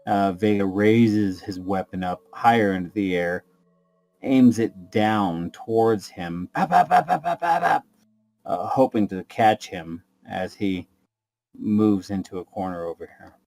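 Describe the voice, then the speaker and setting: A man with a low voice and slow delivery narrates his character's actions in a tabletop game, rambling a little and adding sound effects. The sound is dry and close. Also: steady tone, a little mellow, dry recording. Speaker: player.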